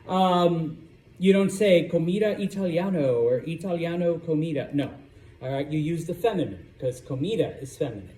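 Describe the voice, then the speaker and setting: A man's voice: fairly high pitch, lively intonation, moderate pace, mellow. Man teaching in an echoey classroom. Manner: checks in with "okay?" after each point. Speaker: Spanish teacher. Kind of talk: classroom lecture. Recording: roomy classroom with faint background noise.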